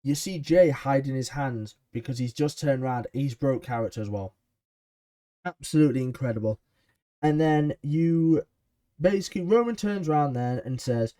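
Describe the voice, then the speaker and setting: A man's voice: mid-range voice, moderate pace, warm tone. A man recapping a wrestling episode in a chatty, enthusiastic way, with frequent ums. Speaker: wrestling show reviewer.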